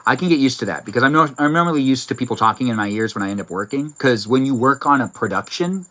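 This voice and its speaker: Man, live streamer, bright voice, chatty, reads out comments. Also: mid-range voice, lively intonation, fast, rough recording. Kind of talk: casual live-stream chat.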